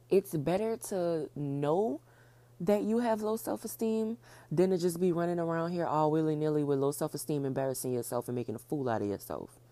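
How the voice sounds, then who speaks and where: A woman hosting her own podcast, talking fast and casually, repeating points for emphasis. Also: low-pitched, mellow, no echo. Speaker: podcast host. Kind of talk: casual solo podcast talk.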